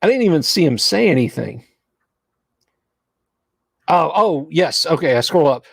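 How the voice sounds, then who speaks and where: A chatty man hosting a casual livestream, his voice sitting a bit high for a man. He reads viewer names aloud and laughs easily, recorded dry and close with no room sound. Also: lively intonation, unhurried, creaky, slightly rough, dry recording. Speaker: livestream host.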